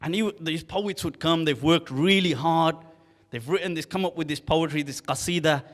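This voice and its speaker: Guy telling a story at an event, casual and lively, hall reverb trailing off. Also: a little high, normal speed. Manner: lively storyteller, casual slang, acts out dialogue. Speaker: Islamic scholar speaking at an event. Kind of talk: storytelling lecture. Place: large hall at a live event.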